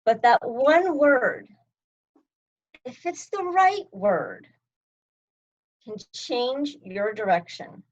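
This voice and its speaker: Woman with a lively melody and a slow, emphatic delivery as she finishes an inspirational speech; dull lo-fi audio. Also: a little high, slight background noise. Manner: deliberate, emphatic. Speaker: club speaker.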